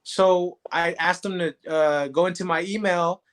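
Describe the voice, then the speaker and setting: A man telling a story as a show guest in animated, slangy casual talk. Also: sits high, unhurried. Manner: animated, slangy, says "bro".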